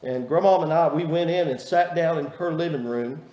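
A man's voice: a little high, normal speed, warm tone. A man, a pastor preaching a sermon in a folksy, earnest storytelling manner. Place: church sanctuary. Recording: echoey church hall reverb.

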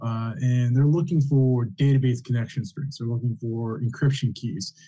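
Young man giving a mellow technical talk. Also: mid-range voice, low-quality recording. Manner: measured, with frequent "uh" fillers. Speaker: guest speaker. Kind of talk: technical presentation.

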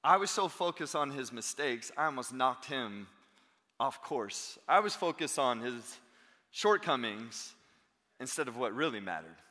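A man in his thirties, a pastor preaching a sermon in animated storytelling style. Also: mid-range voice, unhurried, in a large hall. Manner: animated storytelling, acting out quotes. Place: church sanctuary.

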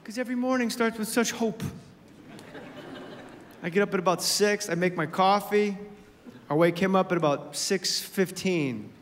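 High-voiced dude doing stand-up, shouts the jokes, echoey noisy club sound. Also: male voice, moderate pace, pauses often. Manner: energetic, shouts punchlines, drops to a soft voice for asides. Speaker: stand-up comedian. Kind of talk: stand-up comedy set. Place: comedy club stage.

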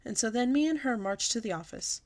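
A woman reading a children's book aloud, with a lively, expressive storytelling manner. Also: a little high, brisk.

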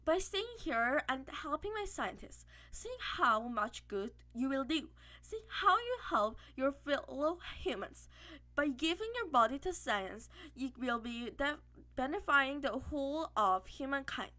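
A woman voicing a grandiose, mad and very rich man who is a villain, speaking in calm, self-assured speeches. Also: high-pitched, a little slow, heavily acted. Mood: persuasive.

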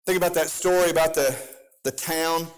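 A man's voice: fairly high pitch, steady tone, normal speed, clean tone. A pastor preaching a sermon with an impassioned, sing-song cadence and frequent call-outs to his congregation.

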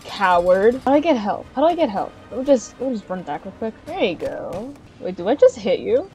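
A young woman playing a video game and reacting out loud, giggling often and shrieking with excitement. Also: a little high, quick pace. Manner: giggly, excitable, squealing exclamations. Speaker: gamer. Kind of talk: casual gameplay commentary. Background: game music.

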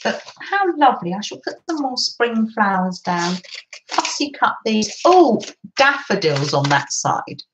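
A woman's voice: on the high side, very animated, unhurried, background noise. A woman chatting through a craft session at her desk, gushing over papers and cooing about how lovely everything is. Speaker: craft vlogger. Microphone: camera on desk.

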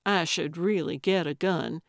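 A woman voicing an excitable, eccentric older female amateur sleuth in an audiobook, gleeful about crime. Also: fairly low pitch, a little slow, vocal fry, dry recording, clean studio sound. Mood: eager. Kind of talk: audiobook character voice.

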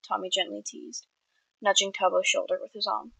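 A woman's voice: mid-range voice, fairly even intonation, moderate pace, gravelly, bright, forceful tone, breathy edge, no room sound, rough recording. A woman reading her own story aloud earnestly, with small slips and restarts. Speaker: amateur writer.

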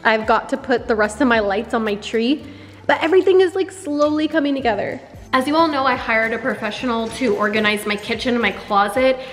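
Excitable girl vlogger gushing thru a home tour, kinda high voice, super chatty. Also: a little fast, soft background music. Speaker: lifestyle vlogger. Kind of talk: casual home tour vlog. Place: her own home, indoors.

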